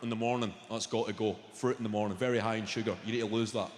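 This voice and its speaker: A man voicing a big slow-talking gym trainer obsessed with nutrition. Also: fairly low pitch, steady tone, echoey room, in a large hall, slight background noise, pitched below the performer's own voice, close to an everyday voice. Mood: lecturing.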